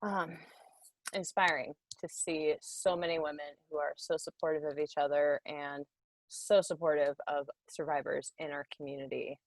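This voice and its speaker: Low-voiced lady moderating a webinar call, earnest, dry close sound. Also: fairly even intonation, moderate pace, no echo, low-quality recording. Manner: earnest and thankful. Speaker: panel moderator. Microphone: video call.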